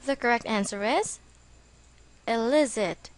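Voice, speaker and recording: A woman reading a scripted English vocabulary lesson, slow and deliberate, spelling words out letter by letter. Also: a little high, clear, resonant tone. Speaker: English teacher.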